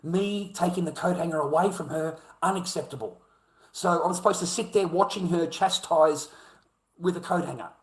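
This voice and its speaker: A man's voice: on the high side, moderate pace. An Australian man livestreaming a heated, profane rant, repeating himself as he speaks. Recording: roomy echo.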